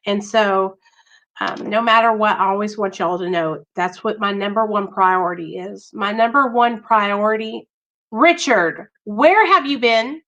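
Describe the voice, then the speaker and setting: A woman's voice: mid-range voice, fairly even intonation, measured pace, fairly bright tone, highs cut off. A woman chatting casually on a livestream, reading out viewer names and talking earnestly and emphatically. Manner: talks straight to viewers, reads chat names, earnest and emphatic. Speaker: livestream host.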